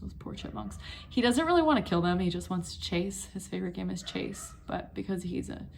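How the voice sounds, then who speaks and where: A woman's voice: mid-range voice, expressive, brisk, gravelly, darkish tone, a little hiss or hum. A young woman vlogging about knitting at home in a chatty, rambling way that wanders off topic. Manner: chatty, rambling, easily sidetracked. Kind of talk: casual chat.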